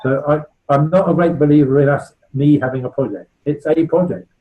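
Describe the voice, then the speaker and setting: A brisk man with a slightly high voice talks over phone-quality sound. He's in his sixties, from the West Country of England, and as a charity founder he gives a club an informal talk, chatty and anecdotal, checking in with "right?".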